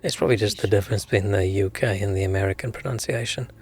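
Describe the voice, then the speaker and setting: A man's voice: fairly low pitch, fairly even intonation, fast talker, darkish tone, breathy edge. A man streaming a video game, rambling and musing aloud in casual commentary.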